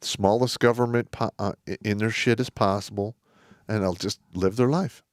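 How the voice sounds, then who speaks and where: A man's voice: on the low side, steady tone, moderate pace, no echo, studio quality. A man hosting a casual talk show, blunt and profane, telling stories with plenty of swearing. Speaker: podcast host, veteran. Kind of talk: casual chat.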